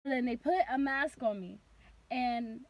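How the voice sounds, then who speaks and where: A young woman telling a casual storytime vlog, rambling with lots of "like" and bursting into loud cries when she acts out moments. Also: on the high side, a little slow, dull audio. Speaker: vlogger.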